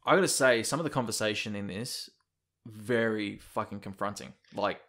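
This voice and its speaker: A man co-hosting a casual gaming podcast, animated and swearing freely as he acts out quotes. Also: lowish voice, moderate pace. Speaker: podcast co-host.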